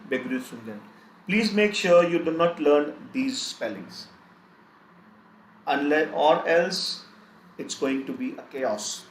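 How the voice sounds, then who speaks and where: A man teaching a live online German lesson, speaking slowly and repeating each word several times. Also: on the high side. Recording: echoey room, faint background noise.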